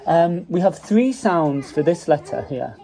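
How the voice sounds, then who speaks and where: A man's voice: on the high side, lively intonation, a little slow, creaky, warm tone, rough recording. A man with a Staffordshire Midlands accent teaching English phonics at home, patiently drawing out and repeating vowel sounds, recorded on a mobile phone propped on a dining table. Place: home dining room with children present.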